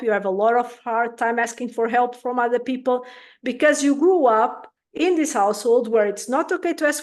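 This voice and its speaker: A parenting coach with a fairly high voice is being interviewed, explaining things calmly and acting out parents' voices in little quotes.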